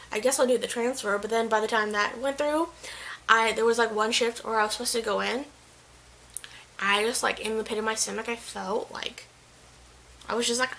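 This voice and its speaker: A young woman with a high, fairly bright voice and vocal fry vents in a casual vlog. She retells the story in a chatty, frustrated way, saying "like" constantly and quoting others, on a rough recording with a little hiss or hum.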